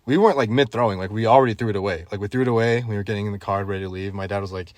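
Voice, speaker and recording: A young man hosting a casual podcast, telling a story in an animated way and laughing often. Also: lowish voice, racing, dry recording, clean studio sound. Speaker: podcast host. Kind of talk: casual chat.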